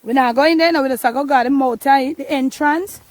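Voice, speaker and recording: A woman's voice: high voice, fairly quick, darkish tone, dry recording. A woman with a Jamaican accent chatting casually to the camera on a phone while out walking in the countryside. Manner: chatty, coaxing, in Jamaican Patois. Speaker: vlogger. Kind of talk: casual vlog narration.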